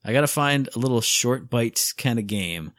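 A man co-hosting a podcast in casual chat, telling stories with lively acted-out asides. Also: moderate pace, no room sound. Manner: animated storyteller, acts out his own inner voice with big pitch jumps. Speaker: podcast co-host.

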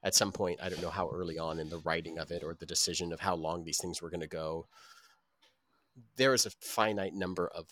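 A man's voice: low-pitched, fairly even intonation, fairly quick, fairly bright tone. A man co-hosting a podcast, talking casually in a rambling, thoughtful way. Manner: rambling, thoughtful with many fillers. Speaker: podcast co-host. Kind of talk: casual chat.

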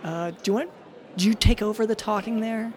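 A man's voice: high-pitched, fairly even intonation, fairly quick, darkish tone. A man performing an improvised comedy scene, hesitant and stammering with lots of awkward fillers.

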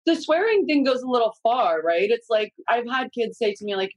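A woman's voice: a little high, lively intonation, brisk, hardly any pauses, no echo, poor audio. A middle-aged woman guest chatting casually and candidly about raising her young kids, swearing freely. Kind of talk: casual podcast chat.

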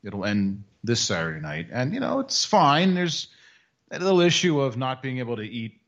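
A man's voice: medium pitch, sing-song, a bit bright. A man co-hosting a podcast, joking in a wry, casual chat. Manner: wry, joking, drawn-out explanations. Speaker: podcast co-host. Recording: dull lo-fi podcast audio.

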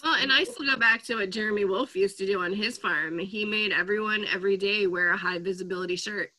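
A woman's voice: mid-range voice, fairly quick, pushed and bright, poor audio. A middle-aged woman in casual chat, telling stories earnestly and calling herself a cautious type. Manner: earnest storyteller, self-described cautious.

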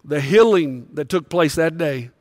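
During his sermon, a male preacher shares a confessional story from his own life, alternating forceful emphasis with quiet stretches. He sounds slightly high and animated, speaking a bit slowly, with no room sound on the recording.

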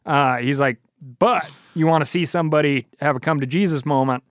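A man's voice: fairly high pitch, a little fast, no echo, clean studio sound. A man on a podcast telling a story animatedly, quoting what someone else said. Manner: animated storyteller, quotes others. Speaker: podcast guest. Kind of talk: casual chat.

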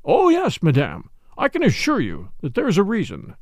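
A self-important French police commissary presses his questions in a formal, insistent manner, voiced by a male narrator. His pitch leaps and dips with emphasis, a touch high, and the sound is close and dry. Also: wildly swooping pitch, brisk, a little mellow, no echo. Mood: pompous. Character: pompous middle-aged French police commissary.

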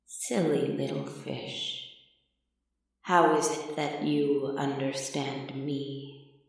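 A woman voicing an ancient, lonely female sea monster who speaks slowly and sorrowfully in a low, gravelly tone. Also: flat delivery, full character voice. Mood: sad, wistful. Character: ancient lonely female kraken, vast and slow. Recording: echoey, distant voice.

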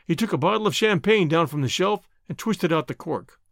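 Lively male audiobook narrator. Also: on the high side, a little fast, dry recording, clean studio sound. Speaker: narrator and show host.

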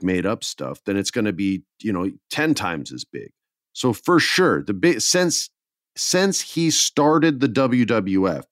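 A man co-hosting a podcast in a casual chat, animated and jokey. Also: sits low, no room sound, clean studio sound. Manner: animated, jokey, does goofy voices for quotes. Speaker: podcast co-host.

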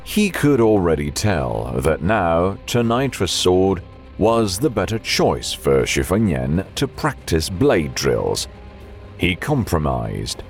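A man narrating an audiobook with measured storytelling and faint music behind. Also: sits low, sing-song.

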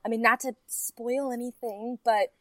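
A woman's voice: on the high side, steady tone, a little slow, no echo. A woman in a casual podcast chat who laughs often and overthinks the story's details.

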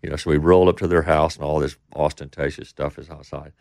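A man's voice: very deep voice, little pitch movement, fast, vocal fry, darkish tone, dry recording, studio quality. A middle-aged man telling a rambling story in casual talk, acting out the voices of the people he quotes. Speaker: interview guest.

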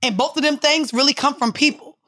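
A woman's voice: high-pitched, a little fast, fairly bright tone. A woman co-hosting a casual podcast, ranting emphatically and profanely. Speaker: podcast co-host. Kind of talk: casual chat.

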